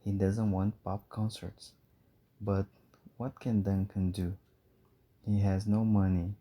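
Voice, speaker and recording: A man narrating a simple storybook for learners in a clear, measured way. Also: on the low side, flat delivery, warm tone. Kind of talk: slow storybook reading for learners.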